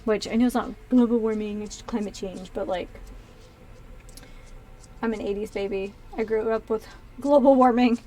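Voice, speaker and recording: A woman's voice: fairly high pitch, fairly even intonation, normal speed, long pauses, mellow, slight background noise. A woman in her thirties chatting casually while building Lego on a stream, rambling through many asides from a small converted closet. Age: 30s.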